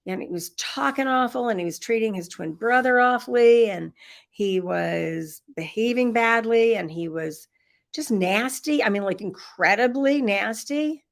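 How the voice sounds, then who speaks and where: A woman's voice: a little high, gravelly. Laughing, storytelling middle-aged woman. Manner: warm storytelling, laughs often. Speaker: workshop leader. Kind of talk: live online workshop talk.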